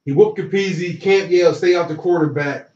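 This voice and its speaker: A former college football player tells a story in a high voice at a slightly fast pace, using casual slang and acting out what people said. He's animated, and the recording sounds roomy, distant, and dull.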